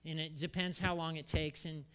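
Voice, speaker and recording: A middle-aged man preaching a sermon as pastor, telling a story with sudden loud bursts and quiet asides. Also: fairly high pitch, level tone, moderate pace, clear, resonant tone.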